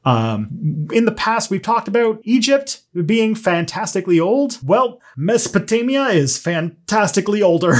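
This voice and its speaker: A man's voice: sits high, big pitch swings, normal speed, few pauses. Rambling, upbeat podcast host man. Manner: rambling explainer with fillers and jokes. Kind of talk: casual podcast chat.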